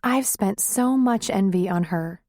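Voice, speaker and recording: A woman's voice: mid-range voice, measured pace, a little mellow, dry recording, studio quality, lightly acted. A woman doing a tearful, worn-out young woman. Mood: bitter. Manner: tearful, weak. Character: young woman, weary nurse.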